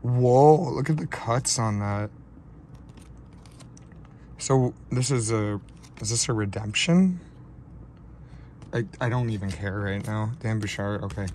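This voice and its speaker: A man hosting a casual card-opening vlog, talking in a slow, low-key way and getting shaky and overwhelmed with excitement. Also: slight background noise. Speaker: card-breaking channel host.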